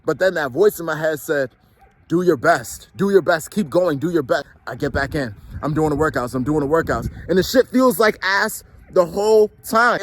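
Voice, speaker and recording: A young man with a somewhat high-pitched voice talks straight to the listener about effort. He is blunt and swears freely. He keeps firing rhetorical questions and slangy asides. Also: no room sound. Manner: slangy, frequent "you know what I'm saying". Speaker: motivational talk host. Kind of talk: casual motivational monologue.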